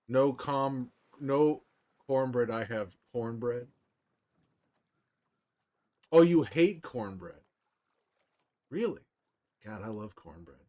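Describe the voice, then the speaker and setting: A laid-back young man talking to his live-stream chat, greeting viewers by name and rambling about food and movies. His voice sits at a middle pitch, and his delivery is loose and conversational. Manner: relaxed, rambling, chatty, answers chat by name.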